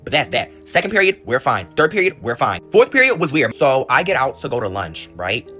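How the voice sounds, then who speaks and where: A young man telling a school story in a casual, animated and profane way, rambling off on side notes. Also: mid-range voice, fairly quick, soft background music.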